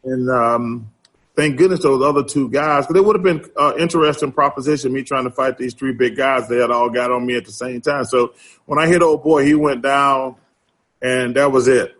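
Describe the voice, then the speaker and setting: A middle-aged man with a drawl tells a long story in a husky, grainy voice. He acts out each line of dialogue as he goes. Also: medium pitch, normal speed. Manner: animated storyteller, acts out quotes. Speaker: interview guest. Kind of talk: casual storytelling.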